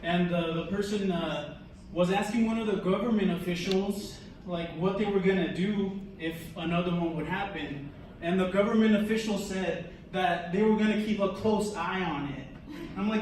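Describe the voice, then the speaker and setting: A young male comedian talks slowly and haltingly, full of uhs and likes, in a fairly high voice. The mic is far off in a very echoey room. Steady background noise runs under him. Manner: halting, filler-heavy, deadpan. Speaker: stand-up comedian. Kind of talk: stand-up comedy.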